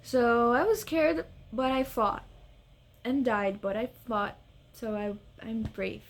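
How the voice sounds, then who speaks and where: Excitable young woman gamer, slow-talking. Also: fairly high pitch. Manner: excitable, swings between scared and cooing over cute creatures. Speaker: gaming vlogger. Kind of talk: casual gameplay chat.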